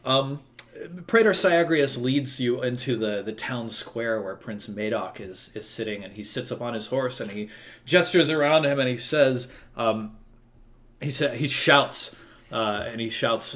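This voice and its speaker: A man's voice: medium pitch, a little slow, a bit bright. A man running a tabletop role-playing game as game master, narrating loosely with lots of fillers.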